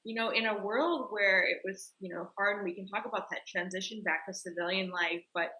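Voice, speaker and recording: Woman interviewer, earnest and reflective, bright forward tone. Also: medium pitch, brisk, muffled recording. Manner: earnest, warm-worded, reflective. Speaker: interview host. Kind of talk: conversational interview.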